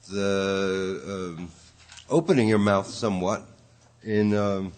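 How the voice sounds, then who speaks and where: A man's voice: lowish voice, slow pace, a little mellow. A man lecturing a poetry class, rambling and hesitant, chanting rhythms aloud to show them. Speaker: poetry teacher.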